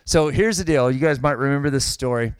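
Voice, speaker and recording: Speaking fairly quickly at medium pitch, a middle-aged man who is a pastor tells stories in a conversational sermon that grows steadily more animated, with a dry joke along the way. The tone is clean, with no room sound.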